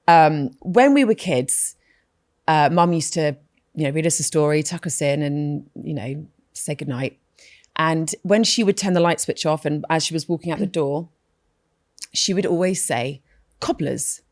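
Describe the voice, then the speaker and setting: A woman's voice: low voice, normal speed, a little mellow, no room sound, clean studio sound. A woman co-hosting a podcast, chatting casually and expressively, with laughs coming often. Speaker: podcast co-host. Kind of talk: casual chat.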